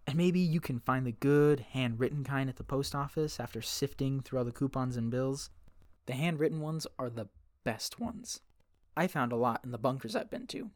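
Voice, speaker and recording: A man's voice: mid-range voice, no echo. A man narrating a scripted survival story in character, playful and chatty as he talks to his dog and reads out fun facts.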